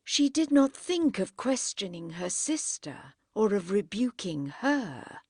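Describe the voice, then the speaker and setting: Woman reading an audiobook, slow and breathy, lively pitch, dry close mic. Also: dry recording. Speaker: audiobook narrator. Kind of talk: audiobook narration.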